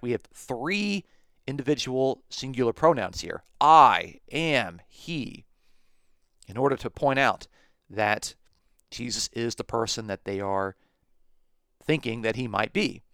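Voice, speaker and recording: A man hosting a podcast, reading Bible verses aloud and explaining them in a measured way, slowing down to stress key phrases. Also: mid-range voice, expressive, a bit bright, clean tone, no room sound, studio quality. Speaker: podcast host teaching on scripture.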